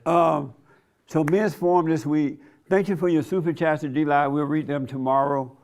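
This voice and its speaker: A man's voice: a little high, steady tone, moderate pace, darkish tone. A man preaching an informal sermon, blunt and conversational, with a folksy way of telling stories. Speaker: preacher and host.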